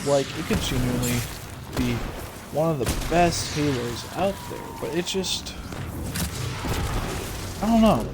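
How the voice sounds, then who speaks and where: A young man hosting his own casual talk show, rambling excitedly about games with lots of fillers. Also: fairly high pitch, a little slow, long pauses. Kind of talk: casual solo gaming chat. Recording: noisy home recording.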